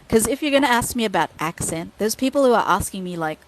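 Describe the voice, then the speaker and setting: A woman's voice: mid-range voice, expressive, fast talker, a little hiss or hum, low-quality recording. Give me a woman guesting on a podcast, chatting casually in a mix of Tagalog and English. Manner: switches between Tagalog and English, often adds "di ba?".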